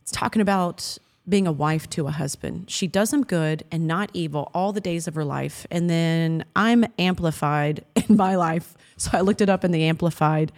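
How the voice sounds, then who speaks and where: At a moderate pace with few pauses, a woman in her thirties talks in a lowish, slightly mellow voice. Co-hosting a Christian marriage talk, she is earnest and affectionate, laughs often, and quotes scripture in a heartfelt faith-based chat.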